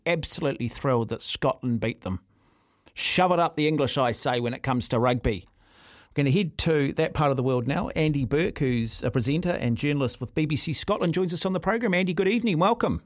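A radio host with a brash, joking manner who trips over his words as he rushes along. His voice sits a little higher than most men's, and his speech comes fast. The sound is dry and close to the mic. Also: no echo. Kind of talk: radio interview.

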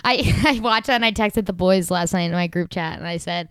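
A young woman on a podcast, casually and excitedly recapping a TV episode with a co-host, with lots of filler words. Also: lowish voice, fairly quick, few pauses, smooth, no echo. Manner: gushing, animated, lots of "like" fillers.

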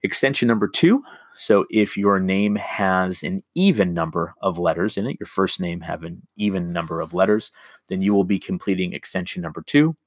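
A man's voice: low voice, moderate pace, no room sound, clean studio sound. A man teaching a recorded remote lesson, explaining an assignment step by step with many ums and restarts.

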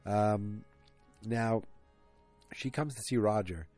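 Male podcast host, lower register, rambling and conversational, casual recap delivery. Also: takes it slowly, darkish tone, soft background music. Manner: chatty, digressive, self-aware. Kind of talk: casual chat.

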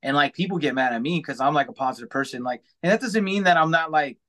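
A man's voice: fairly high pitch, animated, fast, fairly bright tone. A man chatting casually as a podcast guest, upbeat and rambling, full of "like" fillers. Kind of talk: casual chat.

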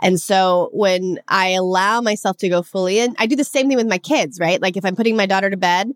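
A woman in her forties talks as a guest coach on a podcast, earnest and animated, laughing easily. Her voice sits in a middle range and is recorded dry and close, with no room around it. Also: mid-range voice, fairly quick, dry recording. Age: 40s. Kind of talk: podcast interview conversation.

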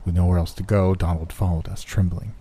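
A man reading a horror story aloud in the first person, in a hushed, anxious telling. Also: deep voice, little pitch movement, a little fast, husky. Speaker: narrator. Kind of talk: scripted horror story narration.

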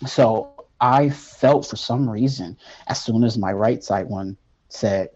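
A man telling a personal near-death story in an earnest, halting way, with many fillers. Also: fairly low pitch, darkish tone, breathy edge, muffled recording.

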